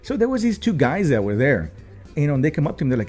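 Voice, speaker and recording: Man, co-host, rambling storyteller, fast talker, dark voice, faint music behind. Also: on the high side, very animated. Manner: rambling, many fillers, swears freely, switches into Spanish. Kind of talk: casual storytelling chat.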